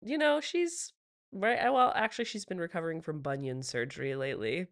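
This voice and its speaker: A woman from the Philadelphia area hosting a podcast, chatting casually in an animated, profane, playful way. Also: fairly low pitch, fairly quick. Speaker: podcast host. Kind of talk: casual comedic chat.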